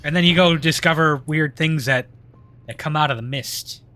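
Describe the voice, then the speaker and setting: A man's voice: on the high side, moderate pace, pushed and bright. A man streaming live gameplay, chatting and laughing often, trailing off mid-sentence.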